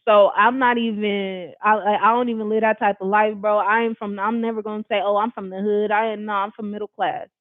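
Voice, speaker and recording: A person from Long Beach, California telling a personal story to camera in an animated, emphatic, slangy and profane way, talking straight to viewers. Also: medium pitch, brisk, hardly any pauses, no room sound. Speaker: storyteller recounting a personal experience. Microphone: camera facing the speaker. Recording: dry, tinny phone-like sound.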